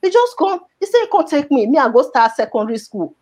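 High-voiced Nigerian Pidgin woman, emotional. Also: big pitch swings, fast talker, darkish tone. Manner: emotional, repeats words for emphasis. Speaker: interviewee. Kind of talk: personal life story in conversation.

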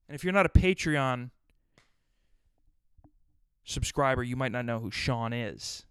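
A man's voice: medium pitch, animated, a little slow, pauses often, smooth, no room sound, clean studio sound. A man hosting his own podcast, riffing crudely and profanely in a rambling solo rant. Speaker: podcast host.

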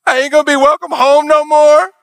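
A man's voice: very high-pitched, little pitch movement, fairly quick, gravelly, fairly bright tone, no room sound, voice pushed up, exaggerated voice. A male preacher voicing a grown man who whines and plays the victim, in a drawling complaint. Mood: whining. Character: whiny self-pitying grown man playing the victim.

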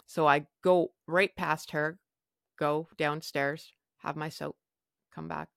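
A woman's voice: low voice, steady tone, slow pace, gravelly, a bit bright, dry recording, studio quality. A woman hosting a podcast, telling a personal story frankly with wry humor and casual swearing. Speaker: podcast host.

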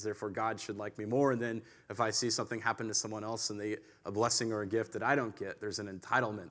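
Man preaching a conversational sermon. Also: fairly low pitch. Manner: conversational, personal storytelling with emphatic swells. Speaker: pastor.

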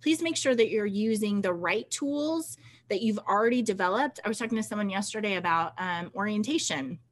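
A woman's voice: medium pitch, expressive, a little fast. Chatty woman podcast host. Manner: chatty, laughs often, retells scenes with quoted voices. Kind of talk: casual conversational chat.

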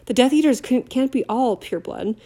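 Woman voicing a know-it-all teenage girl witch, stubborn, warm low tone, audiobook. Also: lively intonation, moderate pace. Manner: stubborn and prim.

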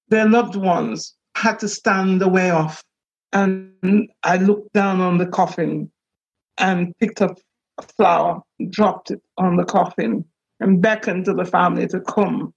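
A woman minister giving an earnest, halting personal account, with many pauses and restarts, on a dull lo-fi recording. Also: mid-range voice, gravelly, husky. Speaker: minister and priest. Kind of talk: reflective personal testimony.

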